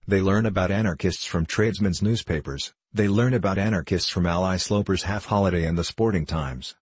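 A man voicing a low, penetrating anarchist orator. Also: breathy edge, no echo. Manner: rhetorical, declaiming. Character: impassioned young male anarchist orator. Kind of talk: audiobook character voice.

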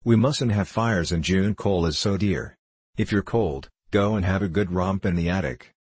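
A man's voice: low voice, darkish tone, husky, no room sound. A man reading a storybook aloud, voicing a cheerful, busy mother who calls her children pet names. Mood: fond. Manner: fond, brisk and busy. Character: gentle cheerful hard-up mother.

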